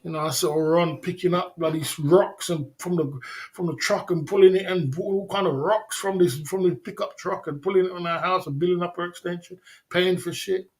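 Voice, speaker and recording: A man's voice: sits high, steady tone, normal speed. A man hosting a casual livestream chat, laughing often and talking in drawling, slang-heavy asides. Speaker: livestream host.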